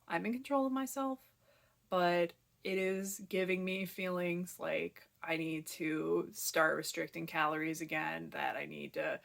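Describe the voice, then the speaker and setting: A young woman talking candidly to her camera at home in a personal vlog, emotional and halting, at times tearful and out of breath. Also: on the low side, steady tone, creaky, a bit bright. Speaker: vlogger. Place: home, kitchen and living room.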